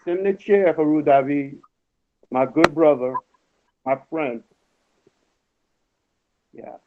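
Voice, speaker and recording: A man with a high voice chants a ritual prayer at an extremely slow pace. The sound is thin and tinny, like a phone line. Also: a little hiss or hum. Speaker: prayer leader.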